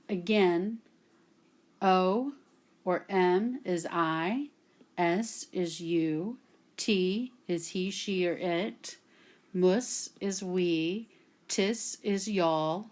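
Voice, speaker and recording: A woman's voice: lowish voice, a little mellow. A woman from Texas, teaching a classroom grammar lesson at a whiteboard and patiently checking in with "okay?" after nearly every point. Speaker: Latin teacher.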